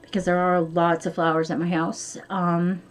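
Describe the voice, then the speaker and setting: A woman's voice: fairly low pitch, flat delivery, moderate pace. A woman vlogging from home in a rambling, chatty way, full of fillers. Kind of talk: casual chat to camera.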